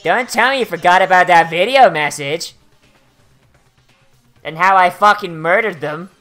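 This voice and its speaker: A sneering bear mascot villain from a game, goading and needling in a loud, bright, bouncy voice, as a streamer reads it out. Faint game music plays behind. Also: medium pitch, measured pace. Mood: taunting. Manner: mocking, goading. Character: taunting cruel bear mascot.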